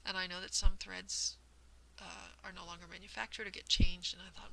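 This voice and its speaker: A woman's voice: fairly low pitch, level tone, brisk, creaky, pushed and bright, a little hiss or hum, poor audio. A woman hosting a cross-stitch vlog, chatting casually and explaining things carefully with a self-deprecating touch. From United States.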